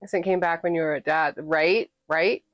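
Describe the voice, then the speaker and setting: A woman's voice: sits low, fairly even intonation, moderate pace, dry recording, dull audio. A woman from New England chatting casually with her live-stream viewers, playful and sassy and laughing often. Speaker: livestreamer and author reading her novel.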